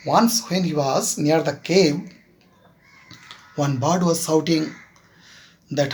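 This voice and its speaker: A man with an Indian English accent, a teacher slowly retelling a moral story to his students and often checking with them. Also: fairly high pitch, a little mellow. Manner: keeps checking with "Clear?"; slow, halting retelling with fillers. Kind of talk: classroom storytelling lesson.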